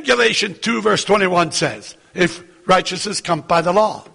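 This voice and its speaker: A man's voice: high-pitched, animated, unhurried, creaky, pushed and bright, breathy edge, in a large hall. A man preaching a sermon to his congregation, earnest and repetitive, rising into emphatic lines.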